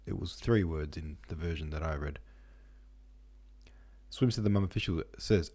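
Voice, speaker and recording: A podcast host leads a casual book-club discussion, reading listener notes and reference passages aloud and musing through them with plenty of ums and asides. His voice is extremely low, warm, and slightly rough, at a normal speed with frequent pauses.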